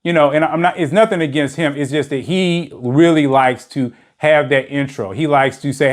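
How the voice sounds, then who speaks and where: A man's voice: on the high side, fairly even intonation, normal speed, hardly any pauses. A man hosting a dating channel, talking in a loose, rambling way and packing his speech with "you know" fillers. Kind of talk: casual monologue to camera. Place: lives in a big city.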